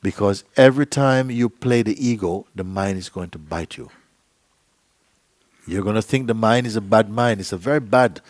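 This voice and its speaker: Addressing a gathering in a meeting hall, a spiritual teacher gives a satsang talk in a mid-range, darkish voice, captured in a dry recording. His tone is playful, with acted-out mini dialogues and frequent laughter.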